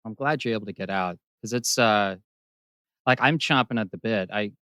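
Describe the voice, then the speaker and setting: A man's voice: lowish voice, normal speed, smooth, no room sound. A middle-aged man hosting a podcast, riffing loosely and swearing as he talks. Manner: animated, profane, riffing. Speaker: podcast host. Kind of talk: casual podcast interview.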